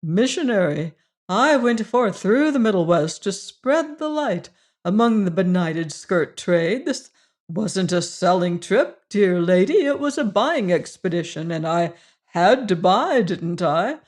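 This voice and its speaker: A slow-paced audiobook reader voicing a fat, cheery male salesman who talks in bland, booming, patronizing tones. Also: expressive, close to an everyday voice. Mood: bland jovial. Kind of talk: audiobook character reading.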